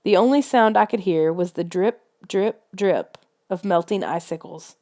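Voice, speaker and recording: A woman reads a children's adventure book as an audiobook, keeping the scripted narration suspenseful and tense. Her lowish voice is warm, and she speaks at a measured pace.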